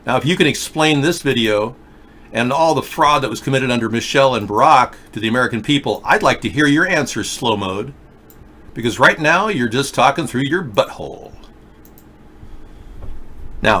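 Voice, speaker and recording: A man's voice: mid-range voice, fairly bright tone, a little hiss or hum. Rambling man hosting a call-in show. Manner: rambling, conspiratorial, talks to callers. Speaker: talk show host. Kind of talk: rambling live-stream commentary.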